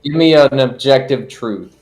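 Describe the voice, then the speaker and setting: A man's voice: medium pitch, a little slow, a little mellow, rough recording. Guy at the dnd table asking questions, sarcastic jokey tone. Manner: curious questions, playful sarcasm. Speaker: player. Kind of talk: casual tabletop game chat.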